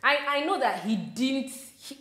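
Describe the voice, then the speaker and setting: A young woman with a Nigerian accent chats casually and cuts in with pidgin phrases. Her voice sits slightly high. The room adds a clear echo. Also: animated, unhurried, a bit bright. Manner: chatty, interjects, pidgin phrases. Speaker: co-host. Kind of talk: casual chat.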